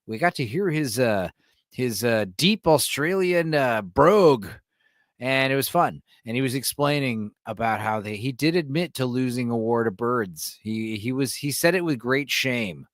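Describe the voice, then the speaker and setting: A man's voice: mid-range voice, no echo. Guy hosting a late night stream, chatty and sweary, laughs a lot, dry close sound. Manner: rambling, profane, laughs often. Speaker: livestream host reading chat.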